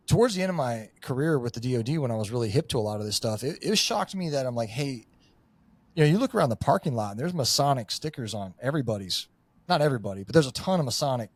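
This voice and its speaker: A man's voice: mid-range voice, no echo. Rambling, profane man with a dry sound. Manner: rambling, profane, full of fillers. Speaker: podcast guest, former Marine Raider. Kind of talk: casual podcast conversation.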